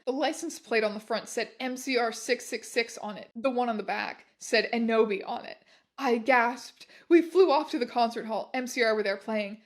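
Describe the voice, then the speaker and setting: Woman, high voice, comic over-the-top reading of fan fiction, shouts and laughs through it. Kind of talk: comedic dramatic reading.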